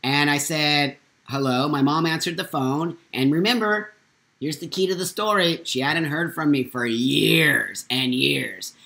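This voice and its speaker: Male host, casual live chat, candid and blunt, animated storyteller. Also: a little high, a little slow, vocal fry.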